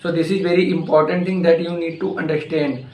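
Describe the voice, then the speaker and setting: A man's voice: fairly high pitch, fairly even intonation, warm tone. Man drilling word pronunciations, echoey room. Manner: slow, repetitive drilling of single words. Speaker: English pronunciation teacher. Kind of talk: pronunciation lesson to camera.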